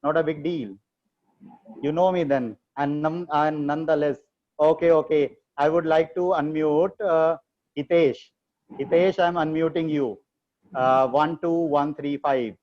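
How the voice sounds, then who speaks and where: A man moderates an online class over a video call. His voice sits a little high, and his talk is relaxed and full of fillers. The audio is muffled and lo-fi. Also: a little slow. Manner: relaxed, chatty, with many fillers like "okay, okay". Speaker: webinar moderator and teacher.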